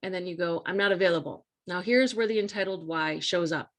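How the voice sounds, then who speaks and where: A woman's voice: lowish voice, brisk. A woman hosting a live coaching talk, speaking in a casual, earnest and emphatic way that repeats key points and speaks straight to her listeners. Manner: earnest, emphatic and repetitive, addresses listeners directly.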